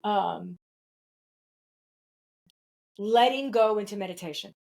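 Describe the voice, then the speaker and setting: A woman's voice: medium pitch, slow, gravelly, darkish tone, poor audio. A woman hosting a podcast interview in a casual, chatty, rambling way, often laughing. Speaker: podcast host.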